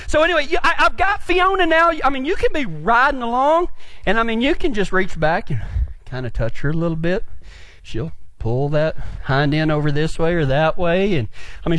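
A man with a strikingly high, bright voice delivers a joking sermon, swinging his pitch all over as he acts out each back-and-forth. He pokes fun at himself, and the sound is close and dry with no room echo. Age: adult, married. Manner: animated, self-deprecating, acts out dialogue. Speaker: pastor. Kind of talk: humorous storytelling sermon.

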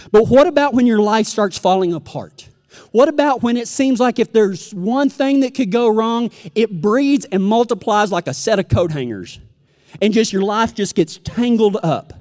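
A Texan man preaches a folksy sermon full of stories, acting out what people say. His voice is high with a darkish tone, and a long hall reverb surrounds it.

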